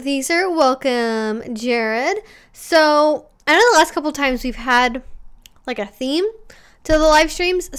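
A woman's voice: high voice, fairly bright tone, clear, resonant tone. A woman in her twenties chatting casually as a livestream host, reading viewer comments aloud and greeting them by name.

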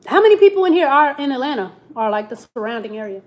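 A woman's voice: high-pitched, very animated, quick pace, slight background noise. A woman, chatting casually on a live stream, reading comments and laughing often. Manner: chatty, laughs often, Southern slang like "child" and "y'all".

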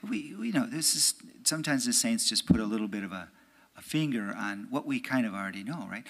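A priest, an American man, giving a conversational homily in church. He keeps checking in with "right?" and sometimes drops to a hushed, near-whispered voice. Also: mid-range voice, lively intonation, a little fast. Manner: conversational, often asks "right?". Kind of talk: homily at a prayer meeting.

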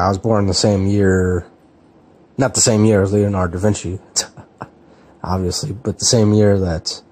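A man in his thirties from California, chatting casually in a relaxed, hesitant way with lots of fillers and restarts. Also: low voice, husky. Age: 30s. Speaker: book vlogger. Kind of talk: casual chat, answering a tag.

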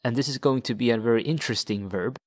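A man's voice: medium pitch, fast talker. A man teaching a language lesson step by step, patiently repeating phrases for learners.

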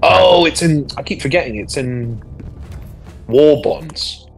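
A man's voice: a little high, takes it slowly, vocal fry, faint music behind. A middle-aged English man, an actor, chatting on a game stream and telling a story animatedly. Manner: animated storyteller, acts out quotes. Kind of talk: casual chat, storytelling.

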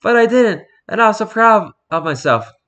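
A man's voice: high-pitched, animated, normal speed, a bit bright, lo-fi sound, pitched above the performer's own voice. A man voicing a frustrated nun, a woman who loves golf, telling a rueful story in a read-aloud joke. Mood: exasperated.

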